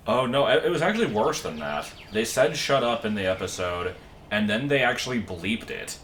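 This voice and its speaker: A man chatting casually over a game, rambling and swearing offhandedly, getting animated when he rants. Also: on the low side, normal speed, a little hiss or hum. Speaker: co-host chatting during a game stream. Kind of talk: casual chat. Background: loud game music.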